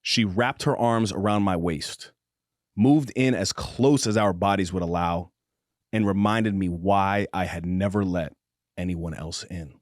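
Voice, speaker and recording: A middle-aged man hosting a podcast, reading aloud in a low, measured voice and joking between passages. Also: no echo, clean studio sound. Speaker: podcast host. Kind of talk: casual chat, reading a novel excerpt aloud. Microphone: studio microphone with headphones.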